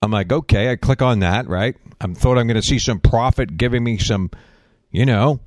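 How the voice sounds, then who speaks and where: A man hosting a talk show, telling stories in a casual, sarcastic, animated way. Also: mid-range voice, moderate pace, dry recording. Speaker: radio show host.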